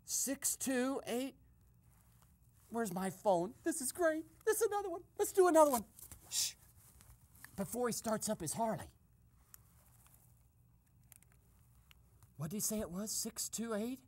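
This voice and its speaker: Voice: mid-range voice, very animated, normal speed, pauses often, darkish tone. A performer playing a nosy male eavesdropper in a comic radio sketch, giving breathless running commentary and shushing constantly.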